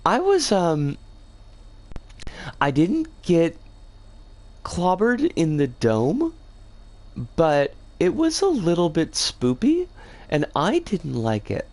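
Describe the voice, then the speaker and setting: A game streamer chatting casually on a livestream, rambling with playful slang, their voice rough and scratchy today. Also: medium pitch, wildly swooping pitch, slow, long pauses, darkish tone.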